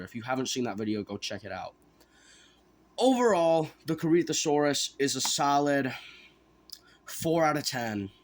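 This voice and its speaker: A man giving a casual review of a toy figure, rambling and correcting himself as he thinks aloud. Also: medium pitch.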